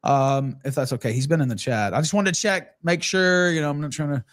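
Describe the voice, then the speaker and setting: A man hosting a casual interview, hesitant and filling pauses with "uh". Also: fairly high pitch. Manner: hesitant, many fillers. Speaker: interview host.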